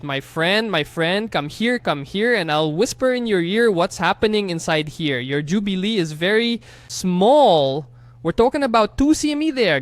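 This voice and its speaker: A man casually recapping a comic story, excitable and slangy, teasing the viewers with asides. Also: high voice, no echo. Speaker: manhwa recap narrator.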